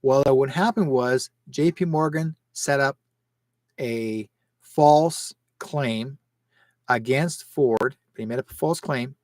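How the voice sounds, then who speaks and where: A Canadian man hosting a live call-in psychic show, talking in an emphatic, rambling way with sudden rises in pitch. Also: slow pace, a little mellow, dry recording. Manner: emphatic, rambling, rising sharply on points.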